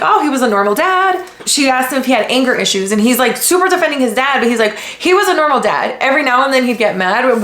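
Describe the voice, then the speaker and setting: A woman from the United States hosting a podcast, talking in a blunt, casual way with lots of swearing and animated retellings. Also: fairly high pitch. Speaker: podcast host. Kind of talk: casual commentary. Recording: echoey room.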